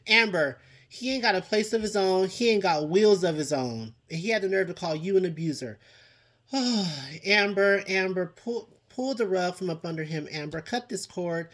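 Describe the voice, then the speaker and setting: An animated, slightly bright medium-pitched voice at normal speed belongs to a channel host who reviews TV and is casually commenting on a reality show. Dramatic and exasperated, they sigh and exclaim often, address people directly, and repeat lines for emphasis.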